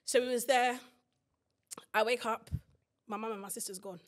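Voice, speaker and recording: A woman, hosting a casual chat and reacting quickly with eager agreement. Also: fairly high pitch, fairly even intonation. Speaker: podcast host.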